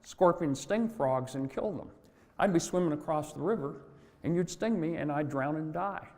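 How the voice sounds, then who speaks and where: A man's voice: a little high, normal speed, darkish tone, lightly acted. An older man voicing a wary, alarmed male frog in a fable, speaking emphatically and indignantly, in a hall with long reverb. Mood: refusing.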